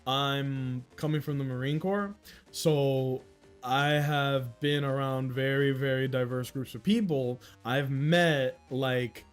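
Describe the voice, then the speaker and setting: A man's voice: medium pitch, steady tone, takes it slowly, faint music behind. A young man with a Dominican-influenced American accent, chatting casually with viewers on a livestream, rambling through stories and laughing often. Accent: Dominican-influenced American English. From United States. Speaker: livestream host.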